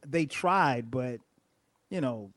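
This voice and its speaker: A man's voice: medium pitch, animated, slow, fairly bright tone, no echo. A middle-aged man co-hosting a podcast, chatting casually about a movie and thinking aloud with many restarts. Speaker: podcast co-host.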